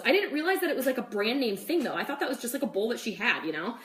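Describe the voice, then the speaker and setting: Rapid-fire and animated, a young woman with a fairly high, somewhat bright voice chats with viewers during a casual home-kitchen cooking demo. She says "like" and "okay" frequently. The audio is echoey with a little background noise.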